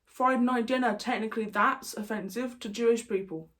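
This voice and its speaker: A woman's voice: a little high, brisk, a bit bright. A young woman with an English accent chatting casually to camera in a vlog. She rambles and keeps going off on tangents. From England. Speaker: YouTuber.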